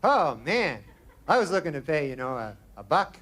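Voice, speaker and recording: A man doing a stand-up routine in a comedy club, with a deadpan, drawn-out delivery broken by quick asides. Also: fairly high pitch. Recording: live club with loud crowd laughter and noise. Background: audience laughing.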